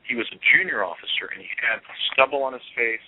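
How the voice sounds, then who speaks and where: A man telling a long story as an interview guest, halting, with many fillers and restarts, heard over a tinny phone line. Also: medium pitch, husky, no room sound.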